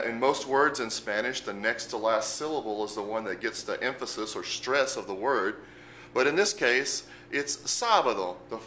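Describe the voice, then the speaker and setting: A man's voice: mid-range voice, bright, forceful tone, reverberant, a little hiss or hum, rough recording. A man giving an unscripted language lesson, speaking patiently and spelling words out letter by letter. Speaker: Spanish teacher.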